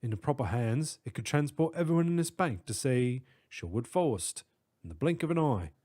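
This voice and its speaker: A man's voice: medium pitch, lively intonation, normal speed, dark tone, close to an everyday voice. A man voicing a frail, fussy middle-aged male professor with a British accent, polite and reassuring. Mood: explaining.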